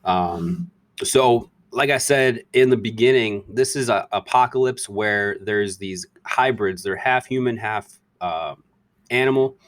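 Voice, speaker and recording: Man, low voice, dry close sound, rambling casual podcast host. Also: a little slow, no room sound. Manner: loose, rambling, laughs easily.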